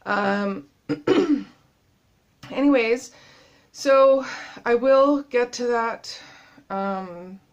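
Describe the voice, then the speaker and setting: A woman in her thirties talking to the camera in a casual video diary, sounding winded and worn out, with a halting manner full of pauses and fillers. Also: mid-range voice. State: winded, tired from illness. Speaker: vlogger.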